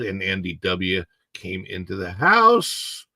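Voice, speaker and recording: A man's voice: medium pitch, sing-song, slow, few pauses, pushed and bright, dry recording. A middle-aged man hosting a casual livestream, chatting and reading viewer comments aloud. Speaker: livestream host.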